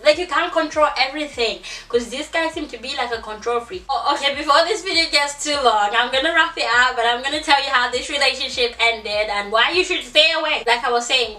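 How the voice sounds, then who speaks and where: Young woman, casual storytime, animated, bright voice, echoey room. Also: a little high, far from the mic. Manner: animated, acts out quotes, laughs often. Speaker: vlogger.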